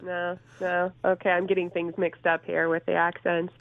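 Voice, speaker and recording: A woman's voice: fairly low pitch, monotone, normal speed, no room sound. A middle-aged woman from Minnesota, a stand-up comedian chatting as a guest in a casual interview, giggly and self-teasing. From Minnesota, USA. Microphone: phone line. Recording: tinny dry phone line.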